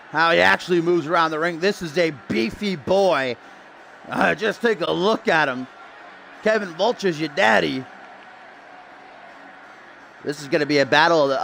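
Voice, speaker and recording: A man's voice: fairly high pitch, creaky, pushed and bright, slight background noise. A young man calling a wrestling video game match as play-by-play commentator, building hype with casual asides to his stream chat.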